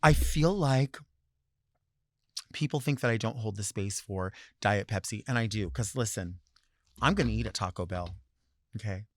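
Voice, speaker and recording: A man hosting a talk show, delivering a sassy, theatrical solo monologue with loud bursts and low asides. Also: normal speed, long pauses, no echo. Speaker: host.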